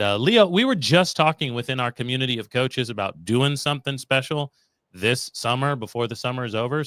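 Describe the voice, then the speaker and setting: A man's voice: mid-range voice, sharp tone, no room sound, clean studio sound. A man hosting a livestream in a casual, playful chat, full of joking asides. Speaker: host of a livestream show.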